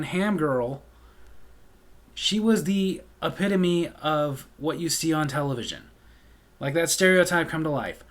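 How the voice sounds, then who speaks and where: A man's voice: fairly high pitch, a bit bright. An American man telling a comedic story from his life in a sardonic, exasperated way. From United States.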